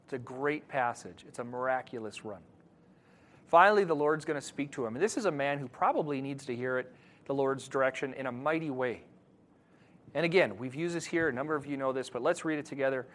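A man preaching a sermon to his congregation, moving between quiet scripture reading and loud, animated emphasis. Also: mid-range voice, fairly quick. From Wisconsin, USA. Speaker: pastor.

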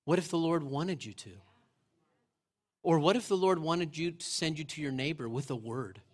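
Male pastor, middle-aged, conversational sermon delivery, lively scripture storyteller, a touch high-pitched. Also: normal speed. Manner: conversational, asks the congregation questions. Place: church sanctuary.

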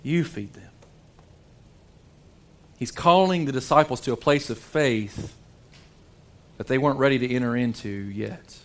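A man preaching a sermon, dropping to hushed, slow tones for emphasis and repeating words as he restarts sentences. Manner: dramatic, shifts between hushed low tones and animated quoted voices. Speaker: pastor.

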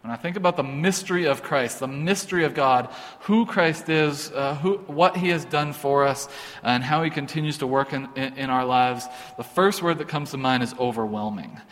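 A man's voice: medium pitch, moderate pace, a bit bright. Earnest preaching man in a reverberant hall. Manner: earnest, informal, with frequent restarts and fillers. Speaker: pastor. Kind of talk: conversational sermon.

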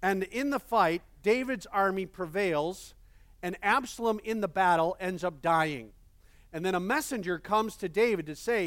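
A man's voice: high-pitched, measured pace, a bit bright, dry recording. A male pastor preaching a sermon, earnest and repeating words for emphasis.

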